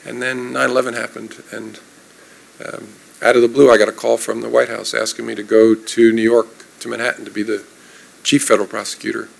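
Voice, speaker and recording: Guest speaker, man in his 50s, gravelly voice, easygoing anecdotes with dry self-mockery. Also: mid-range voice, brisk, low-quality recording. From New Jersey. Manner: relaxed, anecdotal, self-deprecating humor. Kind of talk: storytelling in an onstage conversation.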